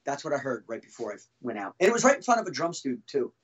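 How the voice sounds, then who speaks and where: A man telling his own story as a podcast guest, halting and restarting often as he talks. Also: medium pitch, sing-song, breathy edge, highs cut off. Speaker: guest, former band drummer. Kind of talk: casual podcast interview storytelling.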